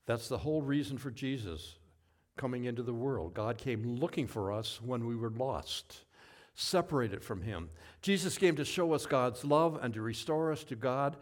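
A man giving a sermon as pastor, telling stories in a relaxed, folksy way with asides and self-corrections. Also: mid-range voice, moderate pace.

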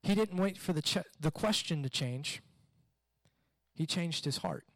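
High-voiced man preaching casually. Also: a little slow, no echo. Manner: conversational, animated preaching with repeated questions. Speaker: pastor. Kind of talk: sermon.

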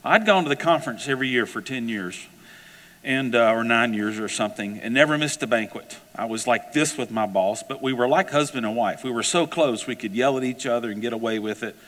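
Storytelling preacher in an echoey hall. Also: male voice, mid-range voice, a little fast. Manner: storytelling, animated and conversational. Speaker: pastor. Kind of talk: sermon.

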